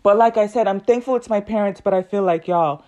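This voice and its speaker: A woman hosting her own podcast, telling a long story in a casual, animated way and acting out what other people said. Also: medium pitch, fairly quick, dull audio. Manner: animated, acts out other people's lines in quoted voices. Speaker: podcast host.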